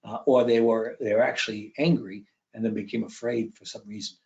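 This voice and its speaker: A man giving an educational presentation with slides, conversational and often checking in with a quick "okay?". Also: lowish voice, fairly even intonation, a little mellow. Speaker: education speaker. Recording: dull lo-fi recording.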